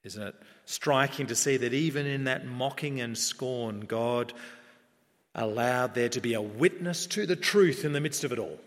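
A man preaching a sermon in a measured, earnest way that builds in emphasis. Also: medium pitch. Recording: long reverb of a large hall.

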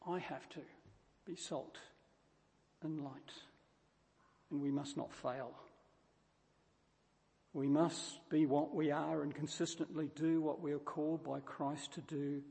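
A man's voice: on the high side, steady tone, slow, vocal fry, long pauses, dark tone, long reverb tail. A man preaching a sermon, driving his points home through repetition and emphatic stress, often restarting words mid-phrase.

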